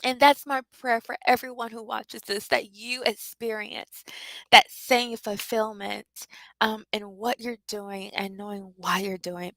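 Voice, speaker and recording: A woman's voice: medium pitch, steady tone, a little slow, a bit bright, no room sound, low-quality recording. A woman teaching spiritual leadership with emotional, preacherly emphasis and repetition. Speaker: leadership coach.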